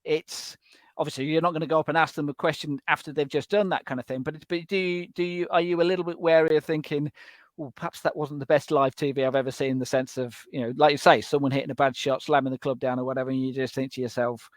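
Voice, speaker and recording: Rambling podcast host, fairly high voice. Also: male voice, fairly even intonation, fast, no room sound. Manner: rambling, repeats words as he builds questions. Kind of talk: interview questions.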